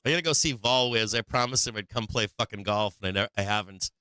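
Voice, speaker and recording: A man's voice: fairly low pitch, fast, bright, forceful tone, clear, resonant tone, no echo. A man, hosting a livestream about the stock market, casually chatting and joking with his viewers, swearing and laughing a lot. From Massachusetts. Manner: profane, laughs often, joking with chat.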